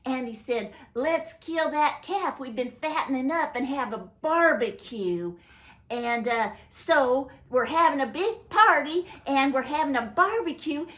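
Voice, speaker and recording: A woman's voice: sits high, a bit bright, heavily acted. A woman voicing a flustered male servant who stammers and hesitates as he explains. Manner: halting, full of uh's.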